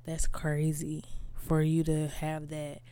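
A woman's voice: deep voice, monotone, takes it slowly, mellow, clean tone. A woman podcast host talking casually and candidly about her inner life, with lots of "like" and "you know". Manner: reflective, candid, many fillers like "like" and "you know". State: tearful at times. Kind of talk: casual personal monologue.

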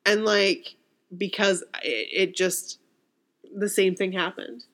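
A woman's voice: medium pitch, fairly even intonation, takes it slowly, fairly bright tone. Emotional woman host reading stories aloud, sniffly and teary, keeps laughing it off. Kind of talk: casual chat and reading aloud.

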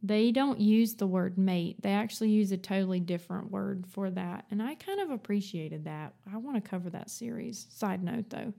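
With a gravelly, dark, medium-pitched voice, this woman in her twenties chats her way through a loose book podcast she co-hosts, wandering off topic and laughing a lot.

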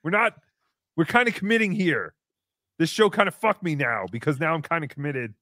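A man hosting a casual live show, excitably chatting and reading out viewer messages. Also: a little high, a little fast, no room sound, clean studio sound. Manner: excitable, reads out paid messages. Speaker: show host.

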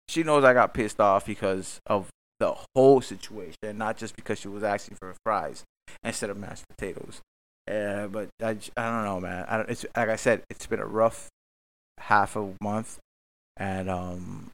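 A man's voice: on the low side, moderate pace, gravelly, a bit bright. A man hosting a podcast, telling a personal story in a rambling, profane, self-mocking way. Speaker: podcast host. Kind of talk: casual storytelling chat.

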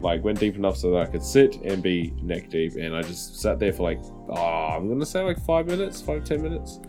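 Rambling man with a low voice. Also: lively intonation, brisk, over music. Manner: rambling, swears freely, acts out quoted lines loudly. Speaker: podcast co-host. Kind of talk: casual chat.

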